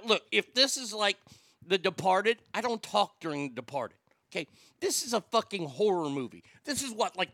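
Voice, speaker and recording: A man's voice: very high-pitched, pushed and bright, no echo, studio quality. A man telling a story as an angry, swearing rant, heated and indignant.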